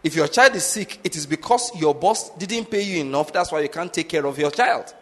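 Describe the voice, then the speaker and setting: A male pastor preaching with insistent emphasis, often pausing to ask whether the congregation is following. His voice sits a little high for a man. The sound carries a long, hall-like reverb. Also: fairly bright tone. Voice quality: emphatic, drives points home with repeated check-in questions. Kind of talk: sermon.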